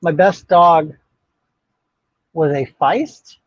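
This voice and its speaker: Sassy older man with a husky voice. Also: on the high side, very slow, no room sound. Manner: sassy, gossipy, blunt, with frequent restarts. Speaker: livestream host. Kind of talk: casual chat reading viewer comments. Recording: dull, muffled dry audio.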